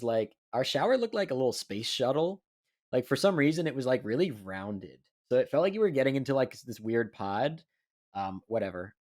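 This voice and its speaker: A man's voice: lowish voice, darkish tone. A young man co-hosting a podcast in casual chat, rambling with many fillers. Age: young adult. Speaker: podcast co-host.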